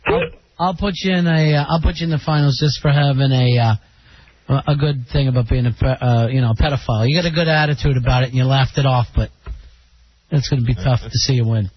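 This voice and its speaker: A man hosting a call-in radio show, teasing callers with quick jokes. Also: medium pitch. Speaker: radio host. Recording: dull lo-fi radio broadcast with faint hiss.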